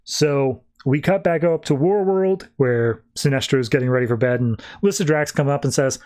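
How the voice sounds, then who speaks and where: A man's voice: mid-range voice, moderate pace, a little mellow. A man hosting a podcast, casually recapping a comic book story and paraphrasing the characters' lines as he goes. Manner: retells scenes loosely, quoting characters with "he's like". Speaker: podcast host.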